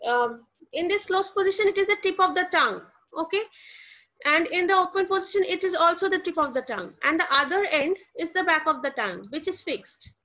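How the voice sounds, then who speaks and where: A woman's voice: extremely high pitch, sharp tone. A woman teaching a lecture to students, posing questions and answering them herself, and spelling words out letter by letter. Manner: explanatory, asks and answers her own questions. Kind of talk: lecture explaining phonetics to students. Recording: dull lo-fi recording.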